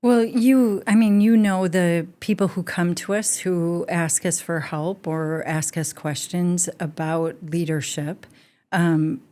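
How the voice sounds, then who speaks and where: Middle-aged woman, podcast co-host, lowish voice, reflective with a teasing streak. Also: fairly even intonation, takes it slowly, mellow. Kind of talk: conversational podcast talk.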